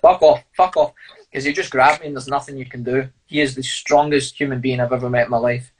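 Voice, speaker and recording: Husky man telling fight stories. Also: medium pitch, flat delivery, fast talker, a bit bright, low-quality recording. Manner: blunt, sweary, laughing storyteller. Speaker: fighter and guest. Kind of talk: casual storytelling interview.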